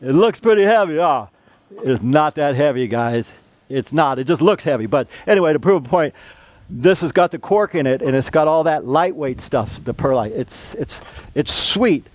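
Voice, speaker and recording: Chatty plasterer rambling through a demo. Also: male voice, fairly high pitch, moderate pace, no echo, highs cut off. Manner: rambling, chatty, tells side stories. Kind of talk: casual how-to demonstration.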